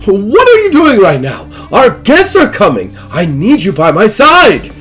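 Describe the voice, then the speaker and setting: A pompous shrill showman. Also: a little slow, husky, faint music behind, exaggerated voice. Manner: squealing, excitable, pompous. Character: flamboyant shrill male dinosaur-hunt showman.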